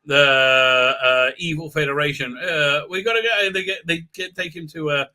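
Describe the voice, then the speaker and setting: A man with a high, very bright voice runs a casual livestream recap. He rambles through it with constant fillers and breaks into mocking, silly voices for the characters. It sounds loose and off the cuff. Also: normal speed. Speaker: livestream host reviewing a TV episode.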